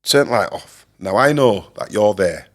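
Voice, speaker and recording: A man voicing a laid-back older Scottish male prisoner in a rough put-on Scottish accent. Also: fairly low pitch, expressive, moderate pace, fairly bright tone. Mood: amused. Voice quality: rough, clumsy attempt at an accent.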